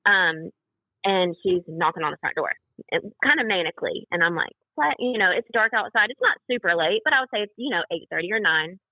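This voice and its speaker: Her voice is on the low side, expressive and a little fast, with no echo. A young woman guesting on a podcast, she rambles through a personal story full of fillers, voicing others' lines, and the sound is tinny and phone-like.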